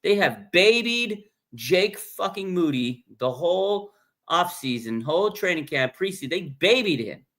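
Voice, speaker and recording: A man's voice: high voice, very animated, measured pace, a bit bright. A man hosting a casual fan livestream, talking bluntly and with animation, reading viewer comments aloud and reacting to them. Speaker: livestream host.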